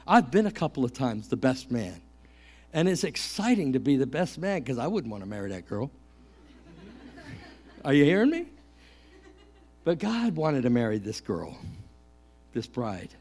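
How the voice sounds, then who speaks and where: A middle-aged male pastor preaching a lively sermon, joking and calling out questions to the congregation. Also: medium pitch, normal speed, pauses often, soft background music.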